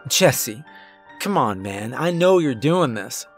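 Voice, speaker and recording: A man's voice: mid-range voice, very animated, slow, faint music behind. A man voicing a teenage boy who insistently accuses his friend. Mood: accusing.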